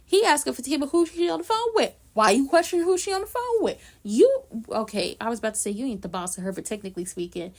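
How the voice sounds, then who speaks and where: A woman gives a casual TV episode recap in a fairly high voice. She is sassy and blunt, throwing in slang and repeating lines for emphasis. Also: fast talker. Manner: slangy, animated asides. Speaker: YouTube reviewer.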